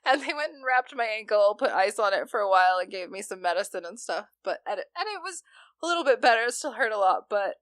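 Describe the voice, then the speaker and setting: Young woman, podcast co-host, bright voice, dry close sound, laughs a lot. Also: medium pitch, expressive, fast, no room sound. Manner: laughs often while telling a story. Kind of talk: casual chat.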